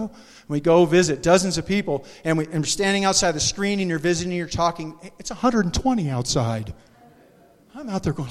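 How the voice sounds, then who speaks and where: An impassioned male pastor preaches in a church sanctuary, his fairly high voice carrying a long echo off the walls. He stumbles and restarts, then bursts out loudly before dropping back to a soft, intimate tone. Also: a little fast. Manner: animated, emotional preaching with restarts and sudden loud bursts. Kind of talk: sermon.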